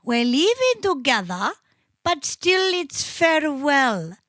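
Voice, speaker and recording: A woman voicing a halting Swedish man with a put-on Swedish accent, reciting in a slow, stilted, oddly phrased way. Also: high voice, very animated, a bit bright, no room sound, clean studio sound, pitched above the performer's own voice, full character voice.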